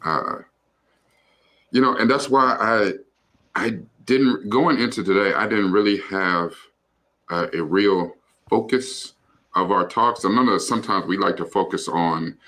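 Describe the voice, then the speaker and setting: A man's voice: on the low side, a little slow, fairly bright tone. A man co-hosting a livestream, chatting casually in a rambling, loose way with lots of fillers and the odd swear word. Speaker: livestream co-host. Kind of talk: casual chat.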